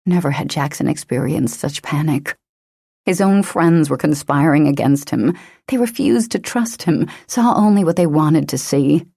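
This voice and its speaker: A woman narrating an action-romance audiobook in a steady, dramatic manner. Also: low-pitched, measured pace, vocal fry, breathy edge, no echo, clean studio sound. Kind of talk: scripted narration.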